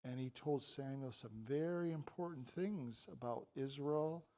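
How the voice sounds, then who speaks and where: An older man, a visiting preacher in a church, telling a Bible story to children in an animated way and asking them questions. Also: mid-range voice, a little slow.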